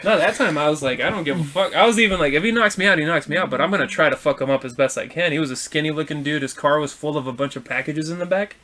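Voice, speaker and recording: A man co-hosting a podcast, telling a story in casual, profane chat and acting out the insults he shouted. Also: fairly high pitch, fast talker, hardly any pauses. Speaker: podcast co-host.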